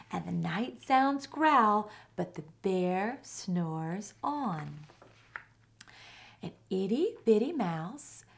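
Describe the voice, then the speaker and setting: A woman volunteer reading a children's picture book aloud, slowing down for the repeated refrain. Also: on the high side, creaky. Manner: expressive storytelling, slows on the refrain. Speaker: volunteer reader.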